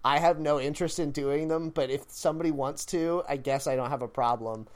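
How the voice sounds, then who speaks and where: A person chatting casually on a podcast, relaxed and chatty, often laughing. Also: medium pitch, brisk. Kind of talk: casual chat.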